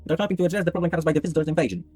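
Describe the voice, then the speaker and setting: An upbeat radio news announcer, as a man puts him on, reading fast and a bit high. He keeps a bright broadcast lilt throughout. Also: fairly even intonation, breathy edge, soft background music. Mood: announcing.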